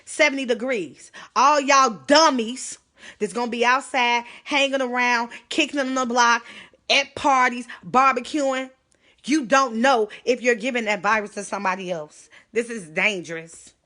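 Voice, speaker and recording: A woman talks straight into her phone on a live stream. Her voice is bright and forceful, urgent and pleading, and she sounds close to tears. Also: a little high, measured pace. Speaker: livestreamer. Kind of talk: emotional live stream address.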